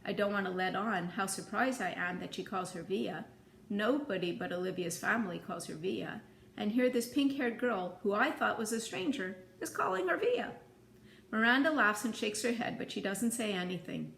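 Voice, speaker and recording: A woman reading a novel aloud in plain, even storytelling. Her voice has a gravelly edge, and the room rings with echo under a faint hiss. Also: medium pitch, moderate pace. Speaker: audiobook reader.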